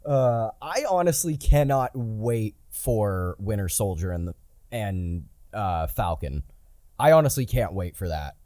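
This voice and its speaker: A man in relaxed podcast chat who sets up jokes and swears casually. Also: lowish voice, measured pace, no echo, clean studio sound.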